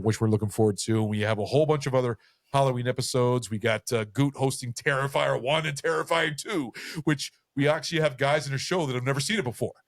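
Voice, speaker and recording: This medium-pitched man hosts a podcast while tipsy, chatting casually and rambling with lots of fillers and curse words. The recording is dry and has clean studio sound.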